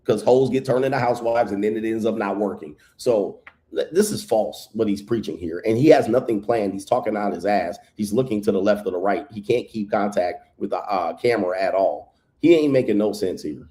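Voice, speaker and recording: A man's voice: fairly low pitch, fairly quick, warm tone. A man reacting to a video clip with blunt, mocking commentary, swearing freely as he talks. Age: adult past his first marriage.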